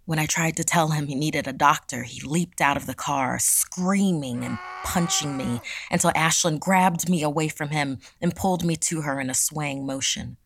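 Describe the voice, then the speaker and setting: Low, gravelly woman narrating horror. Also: moderate pace, few pauses. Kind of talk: first-person horror story narration.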